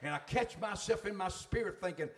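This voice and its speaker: A man's voice: high voice, brisk. A middle-aged man preaching a sermon in a fervent, folksy way.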